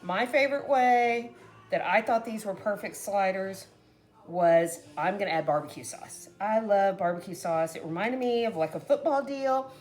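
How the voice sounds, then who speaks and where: A cooking vlogger with a medium-pitched, slightly mellow voice chats casually to camera while cooking at home, speaking at a normal speed over soft background music. She calls her viewers "guys" and laughs often.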